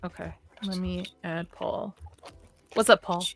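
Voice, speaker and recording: A woman's voice: lowish voice, steady tone, measured pace, no room sound, soft background music. A woman hosting a casual live discussion stream, chatty and reading viewer comments aloud. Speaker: livestream host.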